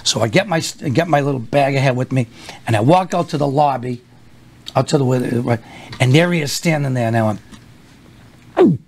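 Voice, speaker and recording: An older man with a Boston accent, a comedian guest telling animated stories and acting out the voices of the people in them. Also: medium pitch, fairly quick. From Boston area, USA. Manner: animated anecdotes with acted-out voices. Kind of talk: storytelling on a talk show.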